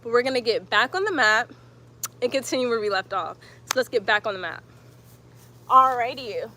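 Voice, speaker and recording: A woman guiding a yoga stretch routine with steady breathing cues and casual asides. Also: fairly high pitch, normal speed, a little hiss or hum. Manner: calm breath cues, chatty when reading comments. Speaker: yoga instructor. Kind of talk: guided yoga instruction.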